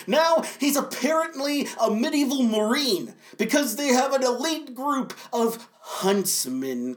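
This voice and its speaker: A man hosts a film review podcast with a sarcastic, loose delivery. He rants casually and slips into quick mock lines to poke fun at what he is describing. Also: high-pitched.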